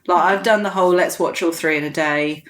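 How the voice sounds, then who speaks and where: A woman's voice: lowish voice, a little fast. A woman guest chatting casually on a podcast as an enthusiastic film fan.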